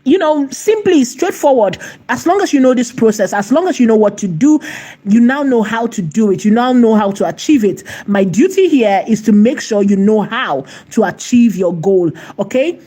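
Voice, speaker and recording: A woman's voice: a little high, expressive, moderate pace, mellow, breathy edge. A woman walking viewers through an AI video tutorial, repeating herself and checking in with "okay?" and posing rhetorical questions. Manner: repetitive, checks in with "okay?" and "right?". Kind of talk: screen-recorded tutorial walkthrough.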